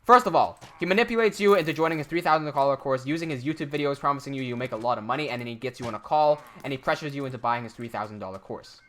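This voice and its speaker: A man's voice: medium pitch, rapid-fire, few pauses, fairly bright tone. A man hosting a livestream and telling a story casually, emphatic and indignant, with his voice rising when he is outraged. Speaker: livestream host.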